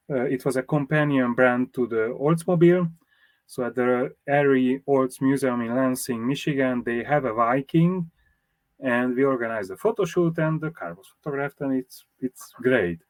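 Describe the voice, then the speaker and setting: This man is a motoring historian and magazine publisher answering interview questions in a measured, explanatory way, with fillers and restarts. His voice sits in the mid-range, and the dry recording has no room sound.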